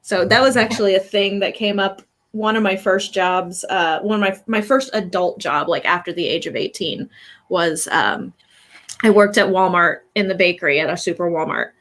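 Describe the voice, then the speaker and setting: A woman's voice: on the low side, normal speed, a bit bright. A woman from Indiana chatting casually with a cohost on a livestream, laughing often, on a new microphone. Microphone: new desk microphone.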